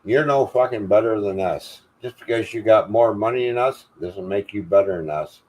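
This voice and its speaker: A man's voice: on the low side, moderate pace, a little mellow. An older man hosting a livestream, delivering an angry, profane, defiant rant. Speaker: livestream host.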